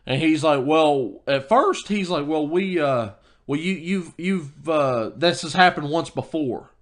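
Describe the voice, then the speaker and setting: A man's voice: on the high side, animated, unhurried. Worked-up man telling a story. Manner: storytelling, quoting himself heatedly, lots of restarts. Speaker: podcast co-host. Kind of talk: casual chat.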